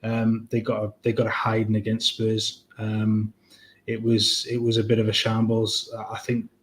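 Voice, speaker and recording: A man co-hosting a podcast, giving measured, thoughtful analysis with frequent restarts. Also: lowish voice, completely flat delivery, a bit bright. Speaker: podcast co-host. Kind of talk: casual match reaction chat.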